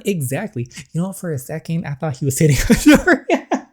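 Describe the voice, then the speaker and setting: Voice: mid-range voice, sing-song, a little fast. A gaming YouTuber giving chatty let's-play commentary, reacting aloud to a story game.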